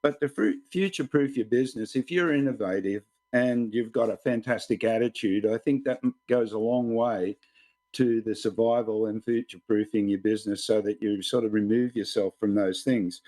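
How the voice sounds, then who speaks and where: A man's voice: lowish voice, normal speed, mellow. An older man with an Australian accent, a guest columnist answering interview questions in a reflective, explanatory way. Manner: reflective, explanatory, rambling sentences.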